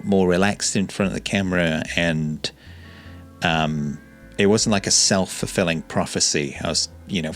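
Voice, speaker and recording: A calm, shy man vlogging to camera, talking in a relaxed monotone with frequent stutters and restarts. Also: low-pitched. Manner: calm, relaxed, soft-spoken. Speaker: YouTuber. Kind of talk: reflective talking-to-camera vlog.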